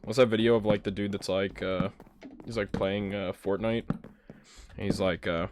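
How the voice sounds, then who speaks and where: Nasal guy rambling sarcastic while gaming, lowish voice, keyboard clicking faint behind. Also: level tone, fairly quick, a little hiss or hum. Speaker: gaming YouTuber. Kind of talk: casual gaming commentary.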